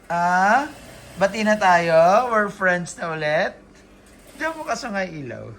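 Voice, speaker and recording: A woman's voice: medium pitch, very animated, unhurried, a little hiss or hum. A woman with a Filipino accent playfully interviewing children, teasing and coaxing them in a mix of English and Tagalog.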